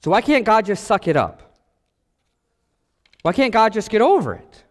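A man preaching a sermon as pastor, animated and acting out the voices in his stories. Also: high-pitched, moderate pace, long reverb tail.

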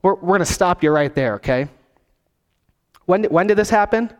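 A man's voice: high-pitched, animated, normal speed, long reverb tail. A man putting on fussy, dismissive religious elders. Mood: suspicious. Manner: interrupting, muttering among themselves. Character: stern group of male religious leaders, fussy and dismissive.

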